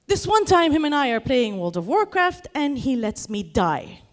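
A woman performing a stand-up comedy set on stage, telling an animated story and shouting the lines she acts out. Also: sits high, normal speed. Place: comedy stage before a live audience.

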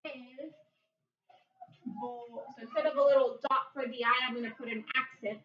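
A woman teaching a vocabulary lesson, saying each word slowly and carefully. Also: on the high side, fairly even intonation, recorded from a distance, slight background noise. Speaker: Spanish teacher. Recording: dull, roomy sound from off-mic.

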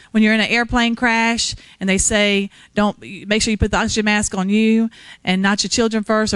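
A woman's voice: mid-range voice, a bit bright, clear, resonant tone, dry recording. A woman speaking at a graduation in an urgent, preacherly way, quoting scripture to the residents. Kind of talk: impassioned exhortation.

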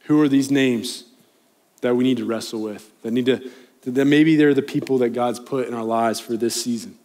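A man's voice: medium pitch, fairly even intonation, moderate pace, a little mellow. A young man, a youth pastor, preaching a sermon in a church in an earnest, conversational way, pleading and rising in emphasis. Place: church sanctuary, live congregation.

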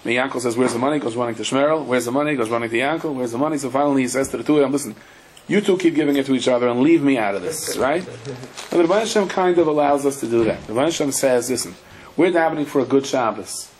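A man's voice: mid-range voice, rapid-fire, darkish tone, slight background noise, low-quality recording. A male rabbi giving a chatty Torah lecture, telling stories with wry humor and many asides.

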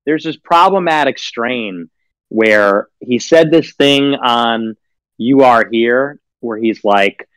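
A man's voice: mid-range voice, slow, fairly bright tone, smooth, dry recording. A man in a casual stream chat, talking with profanity and sarcasm and mock-acting other people. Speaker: streamer guest.

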